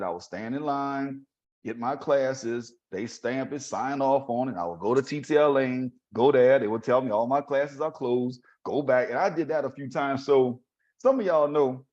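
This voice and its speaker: A man, a podcast host telling a story to his listeners in a loose, lively way. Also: mid-range voice. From New Orleans, USA. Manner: animated, talks straight to listeners with chuckles. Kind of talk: casual storytelling monologue. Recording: dull lo-fi audio.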